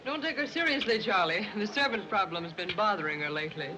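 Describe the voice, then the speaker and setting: A woman's voice: medium pitch, fast talker, lightly acted. A young actress playing a catty, sarcastic rich girl with a mocking way of talking in a 1930s film comedy. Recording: muffled 1930s film soundtrack with music.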